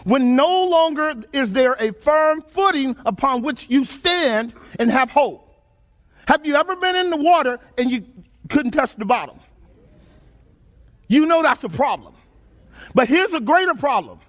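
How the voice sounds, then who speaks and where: A man's voice: extremely high pitch, animated, unhurried, fairly bright tone. A man preaching a sermon, emphatic and repetitive, asking his listeners questions and repeating phrases.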